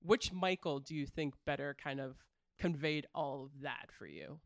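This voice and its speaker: A podcast co-host chatting casually about films, with lots of "like" and "kinda" and some gentle teasing. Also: mid-range voice, moderate pace, dry recording, clean studio sound. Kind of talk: casual film discussion.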